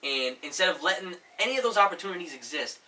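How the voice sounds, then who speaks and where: A man with a New England accent hosting a casual podcast, ranting in an animated, profane way. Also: high-pitched, fast. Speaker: podcast host. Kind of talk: casual chat. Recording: distant mic, faint noise.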